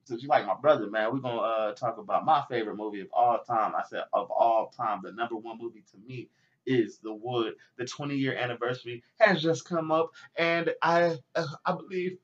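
A man in his twenties hosting a podcast, talking in animated slang and laughing often. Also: medium pitch, a little fast. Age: 20s. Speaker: podcast host. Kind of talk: casual chat. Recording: dull lo-fi podcast audio.

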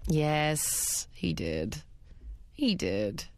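A woman's voice: deep voice, very animated, drawn-out words, a little mellow, no echo. A woman hosting an advice talk show, speaking bluntly and emphatically in casual chat. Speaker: radio advice show host.

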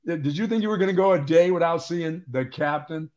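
Teasing, higher-voiced male sports radio host. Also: a little fast, a little mellow. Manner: teasing, joking, playfully ribbing his co-host. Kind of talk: casual sports talk banter.

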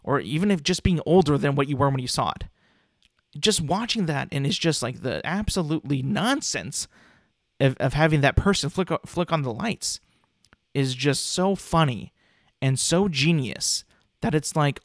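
A man's voice: a little high, expressive, normal speed, no room sound, clean studio sound. A man in his twenties casually talking through his opinions on cartoon episodes, rambling with frequent restarts and filler words. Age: 20s. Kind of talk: casual commentary on a cartoon ranking.

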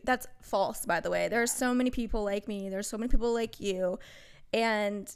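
A woman's voice: on the high side, normal speed, smooth. A young woman co-hosting a podcast, talking bluntly in casual chat with many fillers. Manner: chatty, blunt, full of fillers. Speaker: podcast co-host.

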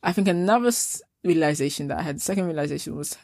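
A woman's voice: low voice, expressive, quick pace, darkish tone, no room sound, studio quality. A young woman hosting a casual solo podcast, chatty and self-mocking, often acting out her past self in quoted asides. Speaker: podcast host.

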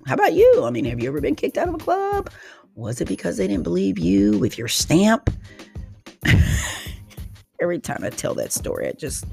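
A woman hosting a solo podcast, telling a personal story in an animated way, with frequent exclamations and laughing at herself. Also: fairly low pitch, vocal fry. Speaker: podcast host.

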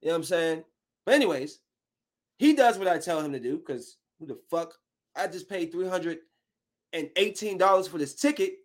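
A man's voice: on the high side, normal speed. A man telling his viewers a story in a casual, heated rant full of swearing. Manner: profane, heated, animated retelling. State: angry while recounting.

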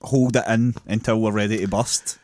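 A man's voice: lowish voice, steady tone, moderate pace, darkish tone, dry recording. A man co-hosting a podcast, chipping in with blunt, joking remarks. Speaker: podcast co-host. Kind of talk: casual podcast chat.

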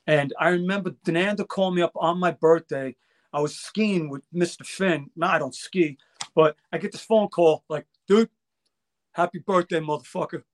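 High-voiced older man telling a lively story. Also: normal speed. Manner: animated, acts out quoted voices, swears freely. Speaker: guest musician. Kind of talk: casual storytelling.

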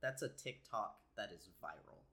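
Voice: low-pitched, expressive, moderate pace, sharp tone. A podcast co-host in casual movie-recap chat, playful and full of hypothetical questions.

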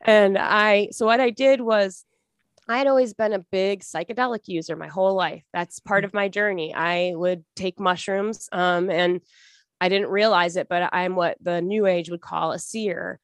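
A woman's voice: medium pitch, steady tone, normal speed, no echo. A young woman being interviewed as a podcast guest, telling her story in an earnest, emotional, rambling way with many restarts.

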